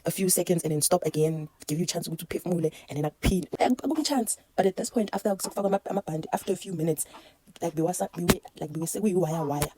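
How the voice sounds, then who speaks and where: A woman with a South African accent telling a casual storytime, animated and mixing Zulu into her English. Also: lowish voice, quick pace, slight background noise. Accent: South African, Zulu-mixed English. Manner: animated, code-switching, laughing through a birth story. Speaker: vlogger.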